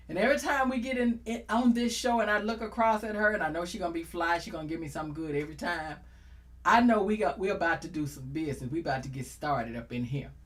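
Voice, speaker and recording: A middle-aged woman hosting a casual talk show, exuberant and joking, speaking. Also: lowish voice. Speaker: host.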